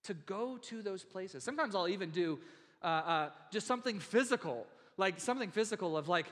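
A man preaching a sermon to his church in a relaxed, conversational way, with many fillers and restarts. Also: high-pitched, brisk. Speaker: pastor. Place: church sanctuary. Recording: long hall reverb in a church.

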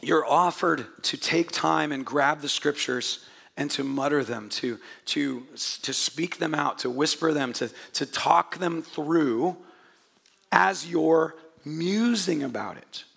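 A man preaching a sermon to his congregation in a hoarse, gravelly voice, chatty and joking, often restarting his sentences. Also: a little high, slow pace, fairly bright tone. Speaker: pastor. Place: church hall before a congregation.

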